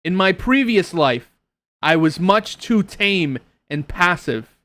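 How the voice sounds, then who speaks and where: A man's voice: high voice, animated, takes it slowly, bright, forceful tone, no room sound, pitched above the performer's own voice, heavily acted. A man voicing a fierce, righteous woman warrior who speaks in grand, old-fashioned proclamations. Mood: proclaiming.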